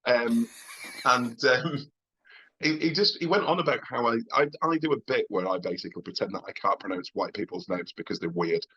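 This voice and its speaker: A Northern English comedian from England, chatting as a podcast guest and telling blunt, sweary anecdotes with laughs between points and frequent restarts. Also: male voice, medium pitch, moderate pace, bright, forceful tone, husky, muffled recording. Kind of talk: casual interview storytelling.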